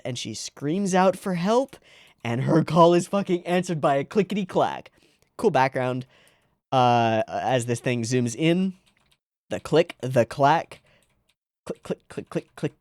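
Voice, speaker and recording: Lively sarcastic anime reaction host. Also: medium pitch, unhurried, no echo, clean studio sound. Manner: animated, sarcastic, rambling. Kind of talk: casual reaction commentary.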